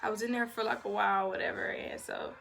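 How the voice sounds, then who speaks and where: Young woman, mid-pitched voice, blunt casual storytelling, faint noise behind. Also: fast talker, vocal fry. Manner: candid, profane, animated retelling with quoted voices. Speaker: new mother telling her birth story.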